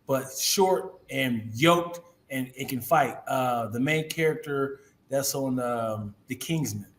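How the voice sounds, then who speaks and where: A man co-hosting a podcast in casual chat, often halting and searching for his words. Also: mid-range voice. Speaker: podcast co-host.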